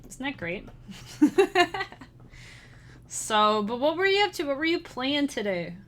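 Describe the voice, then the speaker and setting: A woman's voice: high-pitched, very animated, slow, fairly bright tone. A woman chatting casually with her live-stream chat as a musician, bubbly and giggly, speaking straight to her viewers. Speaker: livestreamer and chiptune musician.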